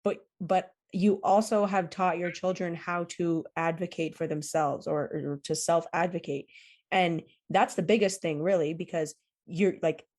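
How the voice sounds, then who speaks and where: A woman hosting a podcast interview, her voice sitting on the lower side. She speaks in an affirming, reflective way, summing up what her guest has said. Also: steady tone, measured pace, a little mellow. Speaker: podcast host.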